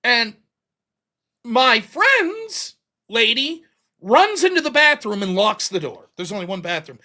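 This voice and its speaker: On a late-night stream, a middle-aged American host slowly recounts an embarrassing story, loose and profane, laughing along the way. His voice is bright, and his pitch swings widely with animated energy.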